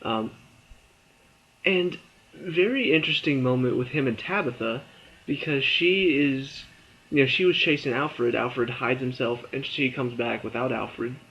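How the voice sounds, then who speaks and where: A worn-out man talks through a TV episode review in a loose, rambling way, with many "um"s and restarts. His voice sits at an ordinary middle pitch. The recording sounds dull and a little lo-fi. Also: measured pace, pushed and bright. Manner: rambling, filler-heavy, frequent restarts. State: tired. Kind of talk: casual spoken review.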